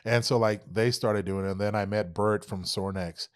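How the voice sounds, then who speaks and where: Young man, podcast guest, lowish voice, swears freely, acts out the quotes in his stories. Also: moderate pace, clear, resonant tone. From Texas. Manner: animated, profane storytelling, acts out quoted dialogue. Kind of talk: casual storytelling interview.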